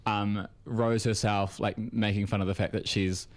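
A young man from New Zealand talks through a casual podcast chat with eager energy and plenty of fillers. His voice sits on the low side. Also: level tone, moderate pace. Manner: chatty, enthusiastic, many fillers. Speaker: podcast panelist.

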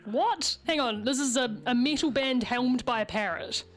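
A woman co-hosts a radio show from a studio. She chats casually, giggles easily and teases her co-host. Her voice sits fairly high. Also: moderate pace, slight background noise.

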